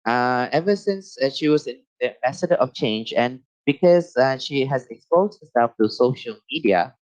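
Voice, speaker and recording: A man with a Malaysian accent hosting a live online talk show, talking haltingly with many uh and um fillers and repeated phrases. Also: mid-range voice, lively intonation, no echo. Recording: muffled lo-fi dry sound.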